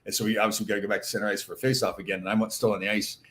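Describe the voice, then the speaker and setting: A man's voice: lowish voice, little pitch movement, very fast, a bit bright. A man in his sixties, a former hockey player hosting a casual chat, telling rambling stories with many fillers. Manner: rambling anecdotal storytelling with fillers. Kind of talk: casual chat answering viewer comments.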